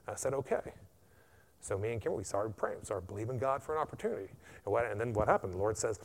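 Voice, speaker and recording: A man with an American accent preaching a sermon, repeating "amen" and swinging between loud and hushed delivery. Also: lowish voice, animated, fast talker. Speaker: pastor.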